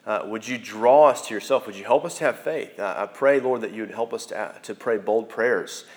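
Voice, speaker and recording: A man's voice: on the low side, brisk. A young man preaching earnestly to a campus group on a Sunday evening, then praying, often repeating words as he searches for them. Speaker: campus minister. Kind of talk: sermon and closing prayer.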